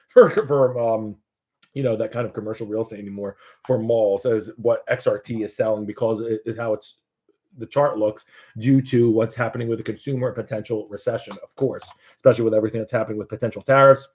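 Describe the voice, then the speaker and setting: Man, casual market commentary, rambling, jokey, self-correcting, middle pitch. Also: fairly even intonation, brisk, a little mellow. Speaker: market analyst host.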